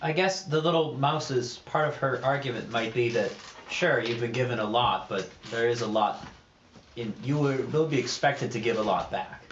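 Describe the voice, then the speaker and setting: Brief: fast, easygoing male player in character, roomy lo-fi recording. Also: medium pitch, a little hiss or hum. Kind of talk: in-character tabletop banter. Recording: roomy, muffled mic.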